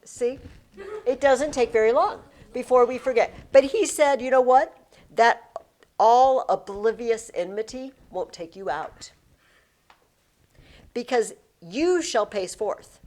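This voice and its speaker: A woman's voice: a little high, slow, a little mellow. A woman teacher leading a classroom poetry lesson, reading verse aloud and chanting the rhythm of the lines.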